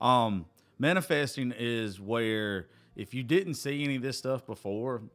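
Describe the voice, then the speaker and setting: A man's voice: medium pitch, fairly bright tone. Man hosting a casual interview. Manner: measured, questioning, plays devil's advocate. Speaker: host.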